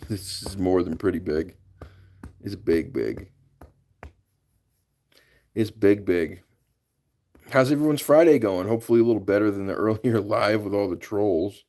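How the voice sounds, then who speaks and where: New guy, kinda low voice, rambling live chat with viewers, laughs a lot. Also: a little slow, pauses often, dark tone. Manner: chatty, laughs often, greets viewers by name. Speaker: livestream host. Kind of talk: casual live-stream chat.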